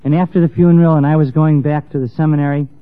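A man with a high voice tells a personal story to an audience, stammering now and then as he moves from hushed tones to raised ones. The sound is thin and tinny like a phone line and dry, with no room echo. Faint music plays underneath. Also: steady tone, fast, clean tone. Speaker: speaker telling a personal story.

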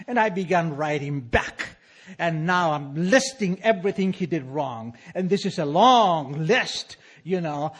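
Man in his 60s, husky, fairly high voice, animated wry storytelling, emphatic. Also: moderate pace. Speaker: speaker sharing a recovery story. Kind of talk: personal storytelling to an audience.

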